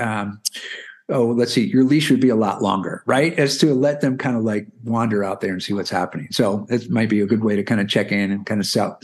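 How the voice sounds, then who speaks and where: A man in his forties talking as a guest on a podcast interview, explaining in a chatty way with lots of "you know" and "right?". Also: mid-range voice. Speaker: guest, math curriculum founder.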